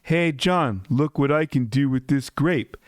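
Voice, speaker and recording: A man voicing a lazy, grumpy male cartoon cat in a slow, flat, unimpressed drawl. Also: mid-range voice, no room sound, clean studio sound, lightly acted. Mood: deadpan.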